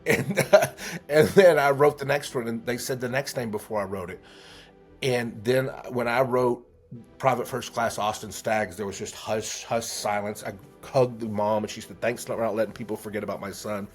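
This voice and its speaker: A man's voice: medium pitch, moderate pace, soft background music. A man telling a heartfelt story as a podcast guest, earnest, with many restarts. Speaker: guest, memory trainer.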